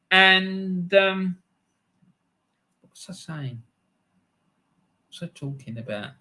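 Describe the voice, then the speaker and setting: A man's voice: high voice, slow pace, long pauses, bright, forceful tone. A middle-aged man hosting a live football stream, chatting casually, rambling through anecdotes and laughing often.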